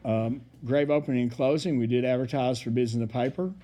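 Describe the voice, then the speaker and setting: Man, council report, mellow, halting delivery full of uhs. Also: medium pitch, steady tone. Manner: rambling, hesitant, many fillers. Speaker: city official giving council report. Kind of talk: public meeting report.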